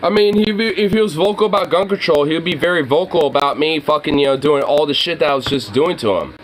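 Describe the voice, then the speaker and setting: A man's voice: fairly high pitch, fast talker, a little hiss or hum, poor audio. A young man in a casual, profane rant to the camera, exasperated and full of fillers like "like" and "you know.". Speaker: vlogger.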